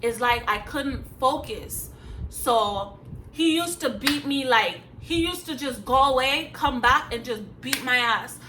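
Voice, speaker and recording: A young woman tells her own story straight to camera, blunt and emphatic with casual slang. Her voice sits a little high and sounds bright and sharp. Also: slow, a little hiss or hum, low-quality recording. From Jamaica. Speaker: vlogger. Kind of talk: candid storytime vlog.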